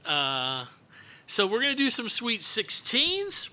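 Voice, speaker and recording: A man's voice: sits high, huge pitch swings, slow, bright, forceful tone. A man hosting a podcast in casual, joking banter, teasing his co-hosts. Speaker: podcast host.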